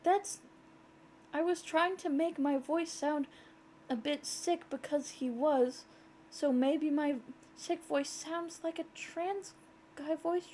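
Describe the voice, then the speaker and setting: A woman streaming a game talks in a slow, unhurried ramble. Her voice sits on the higher side, and she breaks into giggles and tosses in casual swearing. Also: a little mellow, a little hiss or hum. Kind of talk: casual chat over gameplay.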